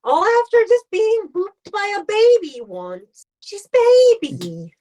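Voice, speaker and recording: A woman co-hosting a podcast, chatting slowly with plenty of fillers. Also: extremely high pitch, wildly swooping pitch, a little mellow. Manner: slow, chatty, many fillers. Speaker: podcast co-host. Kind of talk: casual chat.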